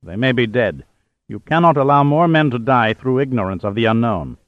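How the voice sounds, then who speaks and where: A man voicing a young navy dive officer, speaking in a solemn, measured way. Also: medium pitch, animated, no room sound, lo-fi sound, close to an everyday voice.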